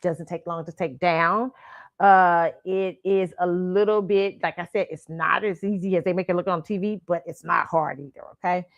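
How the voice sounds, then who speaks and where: A woman's voice: lowish voice, fairly even intonation, no echo, dull audio. A woman hosting a casual commentary show. She talks chattily, often checks in with "okay?" and laughs easily. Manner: chatty, tag questions of "okay?", quick laughs. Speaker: host.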